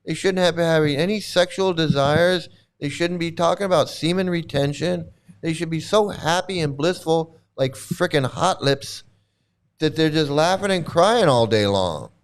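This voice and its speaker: Smooth-voiced man ranting mockingly. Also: on the high side, normal speed. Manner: mocking, profane, laughs often, repeats himself. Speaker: livestream host. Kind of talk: profane ranting commentary.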